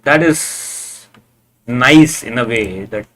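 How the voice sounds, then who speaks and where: Bright, excitable man reacting on camera. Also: mid-range voice, slow pace. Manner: excitable, talks at the screen, cheers and groans; repeats words and restarts often. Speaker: reaction video host. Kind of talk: casual live reaction commentary.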